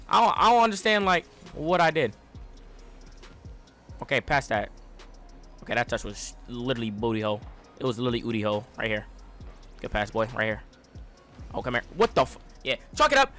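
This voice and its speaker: Live commentary on his own gameplay comes from a young male streamer who trash-talks excitedly, his delivery shifting between loud outbursts and muttering under his breath.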